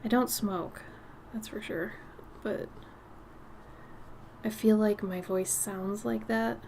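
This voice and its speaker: A woman with a raspy, smoky voice chatting casually while she paints on a live stream, her nose a little stuffy. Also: medium pitch, fairly even intonation, takes it slowly, slight background noise. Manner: chatty, drifts between topics, soft murmured asides.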